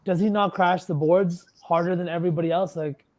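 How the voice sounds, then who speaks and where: A man's voice: sits high, fairly even intonation, a little fast, a little mellow. A man co-hosting a sports betting podcast, chatting loosely and swearing freely as he thinks aloud. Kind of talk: casual chat.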